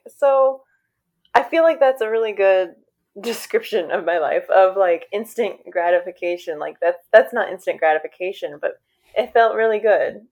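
A woman co-hosting a podcast in casual chat, bubbly and animated, often laughing. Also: mid-range voice, normal speed, lo-fi sound. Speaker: podcast co-host.

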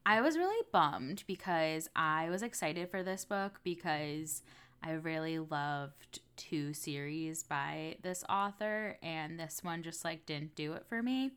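Slow-talking woman, low lively voice. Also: smooth. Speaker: podcast co-host. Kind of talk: casual chat about books.

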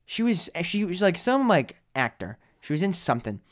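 A young man chatting on a podcast with a somewhat higher voice than most men. He rambles through his stories with constant fillers, sometimes trailing off quiet and then bursting loud again. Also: big pitch swings, moderate pace. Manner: rambling, filler-heavy storytelling with big swings in loudness. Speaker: podcast co-host. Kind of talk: casual chat.

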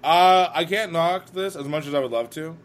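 A man's voice: on the high side, moderate pace. A man in his thirties chatting casually on a podcast, swearing freely and laughing easily. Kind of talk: casual chat.

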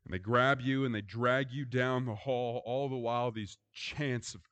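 A middle-aged man who is a pastor, preaching a sermon with hushed, reflective stretches and rising, emphatic storytelling. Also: medium pitch, moderate pace, few pauses.

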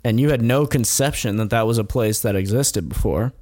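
A man's voice: on the low side, brisk, a little mellow, dry recording. Rambly guy host telling a story, chuckles a lot, swears, dead dry close sound. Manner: rambling, chuckling, profane asides. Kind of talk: casual storytelling chat.

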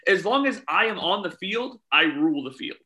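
Casting: man, referee storyteller, very bright voice, a little high, animated, quotes people. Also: normal speed, a little hiss or hum, poor audio. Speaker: youth soccer referee. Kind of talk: casual chat, storytelling.

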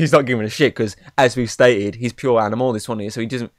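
Mid-range and steady, the young man's voice moves fast over studio-quality audio with no echo. He's a podcast co-host recapping a film in loose, rambling chat, swearing often and saying "obviously" in nearly every line.

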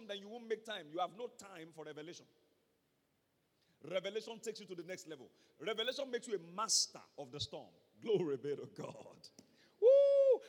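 A high-pitched, husky Nigerian man preaching as a pastor, hammering home key phrases and calling for amens. His voice rings with the long reverb of a large church hall. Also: a bit bright. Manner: emphatic, repeats key phrases, calls for amens. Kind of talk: sermon.

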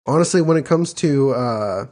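A man's voice: mid-range voice, animated, normal speed, darkish tone. A young man co-hosting a podcast in loose, slangy casual chat, laughing often. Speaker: podcast co-host.

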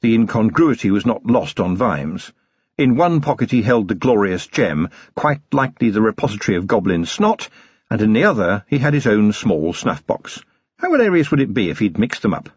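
A man narrating an audiobook in a dry, measured storytelling manner. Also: on the low side, slightly rough, no room sound, lo-fi sound. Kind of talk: scripted narration.

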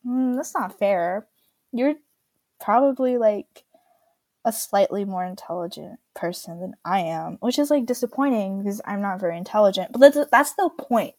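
A woman's voice: medium pitch, lively intonation, moderate pace, a little mellow, dry recording. A young woman in a snarky, rambling solo rant, mocking and full of fillers, recorded on a close mic. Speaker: solo commentator. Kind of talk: casual ranting monologue.

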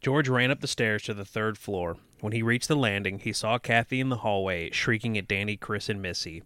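A man co-hosting a podcast reads a horror book aloud, breaking off to joke, tease, and quote lines in mock-dramatic fashion. His lowish voice is clear and resonant with a sharp tone, he speaks fairly quickly, and there's no room sound.

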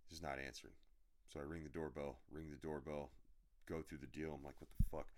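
A man's voice: extremely low pitch, fairly even intonation, a little fast, background noise. A man hosting a podcast, telling rambling, profane delivery-driver stories in a blunt, casual way. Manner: profane, blunt storytelling with frequent filler. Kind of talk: rambling anecdotal podcast chat.

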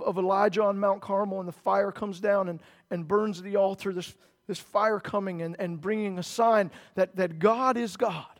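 A man, a pastor, preaching a sermon in an earnest, conversational way that rises into emphatic stretches. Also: high-pitched.

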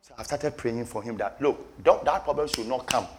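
A man preaching a sermon with passion, repeating phrases for emphasis and swinging from low murmurs to shouted peaks. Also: moderate pace, noisy background.

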